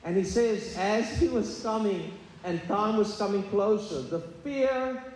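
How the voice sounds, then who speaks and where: Pastor preaching in echoey church. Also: male voice, high-pitched, unhurried, darkish tone. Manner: earnest, confessional preaching with many fillers and restarts. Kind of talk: sermon. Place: church sanctuary. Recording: echoey hall, faint ambience.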